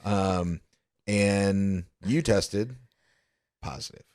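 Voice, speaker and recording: A man's voice: sits low, extremely slow, darkish tone, dry recording, clean studio sound. A young adult man from the American South co-hosting a podcast, telling a travel story in a casual, profane way. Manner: swears often, storytelling. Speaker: podcast co-host. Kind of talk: casual chat.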